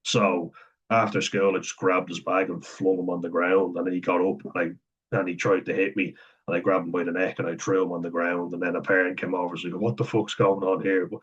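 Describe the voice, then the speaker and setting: A man's voice: deep voice, flat delivery, fairly quick, fairly bright tone, husky. A young man in a candid, profane personal monologue, talking frankly and conversationally. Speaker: vlogger. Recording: dull lo-fi sound.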